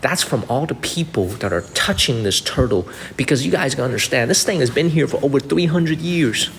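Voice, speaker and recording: A man's voice: medium pitch, animated, fairly quick, creaky, long reverb tail, a little hiss or hum. A man live-streaming a tour of a historic site, chatting, repeating himself and thanking viewers by name. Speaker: livestreaming travel vlogger. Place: outdoors at a historic mausoleum site.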